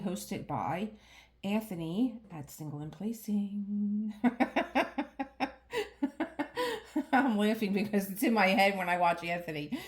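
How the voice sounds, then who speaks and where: Working on diamond painting at home, a middle-aged woman vlogger talks casually in a medium-pitched, darkish voice. Her chat wanders, with restarted sentences, lots of fillers, and frequent laughs.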